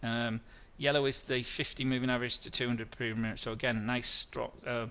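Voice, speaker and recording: A middle-aged man leads a live trading webinar, brisk and smooth, with a level tone and a bright, forceful mid-range voice. He rambles across charts, restarting phrases while answering viewers' questions.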